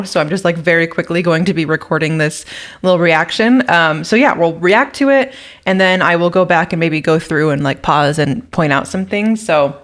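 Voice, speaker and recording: A woman's voice: fairly low pitch, fairly bright tone. A young woman YouTuber reacting to a game trailer in a bubbly, chatty way, gasping and giggling as she talks. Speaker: gaming YouTuber.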